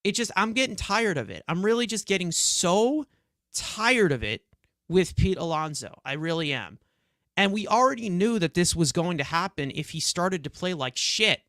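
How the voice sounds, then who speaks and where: A man's voice: sits high, lively intonation, normal speed, sharp tone, no echo, studio quality. A man with a New York accent co-hosting a sports podcast, ranting and swearing as he airs his frustration. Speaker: podcast co-host. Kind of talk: heated sports reaction talk.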